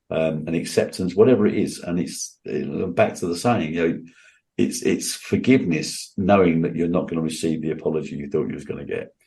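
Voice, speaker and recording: A man speaking as an interview guest, earnest and emphatic. He has a low voice with a dark, mellow tone and often restarts his sentences as he pushes his point. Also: vocal fry. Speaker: guest entrepreneur.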